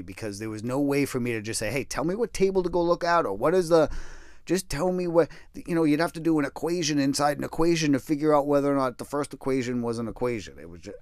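A middle-aged man tells a story from his own life in plain, salty words and pokes fun at himself. His voice sits at an ordinary pitch and jumps between loud outbursts and quiet mutters. The recording is dry and close, with no room sound. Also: no room sound. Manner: profane, blunt and self-deprecating; swings between loud bursts and low mutters. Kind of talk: casual personal storytelling.

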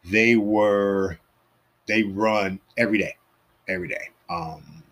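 A man's voice: lowish voice, takes it slowly. A man hosting a podcast, giving fitness advice in a casual storytelling monologue and acting out the people he quotes. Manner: animated, acts out the people he quotes.

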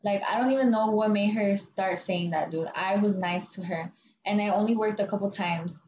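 Over a lo-fi, roomy and dull recording with a faint hiss, a young woman bluntly recounts drama from work in casual conversation. Her mid-range voice is a little mellow and moves at normal speed, peppered with profanity, "like" and "dude."

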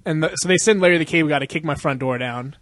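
A man's voice: a little high, quick pace, a bit bright, dry recording. A young man co-hosting a podcast in casual chat, rambling and profane, laughing often and acting out quotes. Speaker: podcast co-host.

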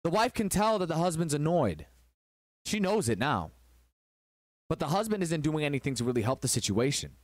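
A man's voice: on the high side, big pitch swings, moderate pace, long pauses, no echo, clean studio sound. A man hosting a relationship advice talk, telling a story in an emphatic, preachy way.

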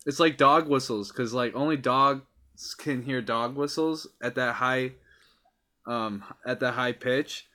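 Young male podcast co-host, bright tone, teasing jokester. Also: mid-range voice, a little slow. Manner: teasing, joking. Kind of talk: casual chat.

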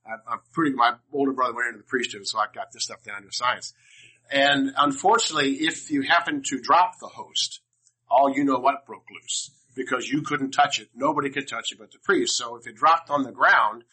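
A man's voice: mid-range voice, fairly quick, sharp tone, husky, rough recording. An older man from Washington, D.C., telling personal stories to a class in a rambling, humorous way, often restarting his sentences. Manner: rambling, self-interrupting, humorous. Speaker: speaker to a class. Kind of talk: personal storytelling talk.

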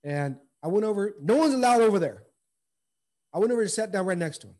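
A man with a voice pitched high for his sex tells stories in a loose, casual chat. He is blunt and emphatic, with slangy phrasing and words doubled up for stress. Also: expressive, fast, warm tone. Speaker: former baseball player as guest.

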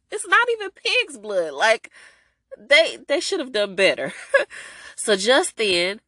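A woman's voice: a little high, slow pace, no echo. Stuffy-nosed chatty woman recapping a show. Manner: animated, chatty, addresses listeners as y'all. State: stuffy nose from a cold. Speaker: podcast host recapping a TV episode. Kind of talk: casual chat.

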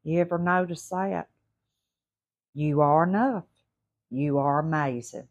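A woman from the Mississippi Gulf Coast with a Southern accent, hosting a motivational podcast in a warm, folksy, repetitive way while recovering and a little short of breath. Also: low voice, unhurried, pauses often, highs cut off. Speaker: podcast host. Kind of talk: encouraging motivational podcast talk.

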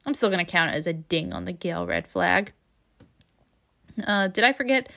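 A woman's voice: on the low side, expressive, moderate pace, creaky, bright, forceful tone. Chatty woman podcast host recapping a book. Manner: chatty, rambling, with sarcastic asides and frequent laughs. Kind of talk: casual book recap chat.

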